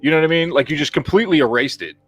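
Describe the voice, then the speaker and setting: A man's voice: a little high, very fast, breathy edge, dry recording, faint music behind. Blunt, profane man ranting. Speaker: podcast host. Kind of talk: casual podcast chat.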